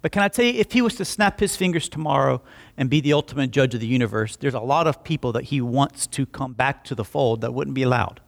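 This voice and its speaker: Gravelly and quick, this young man's medium-pitched voice carries a sermon of jokey stories. The pastor is animated throughout, acting out quotes as he goes.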